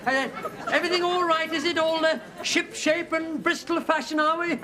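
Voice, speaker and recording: Smarmy teasing coworker, old sitcom, noisy audience. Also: male voice, very high-pitched, fairly even intonation, normal speed, crowd noise. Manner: smarmy, chuckling, insinuating. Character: smarmy, jovial male colleague, teasing. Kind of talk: 1980s studio sitcom acting. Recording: sitcom taped before loud studio audience.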